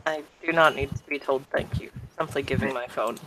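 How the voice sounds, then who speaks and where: A player voicing a formal, aloof woman mystic in a gravelly monotone and a detached, matter-of-fact manner. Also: medium pitch, a little fast, noisy background, close to an everyday voice.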